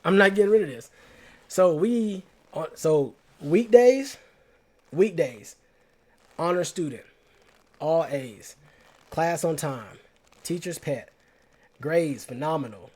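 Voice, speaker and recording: A young man with an Atlanta Southern accent and a husky, somewhat high voice casually tells stories to the camera as a vlogger. He's slangy and animated and repeats himself.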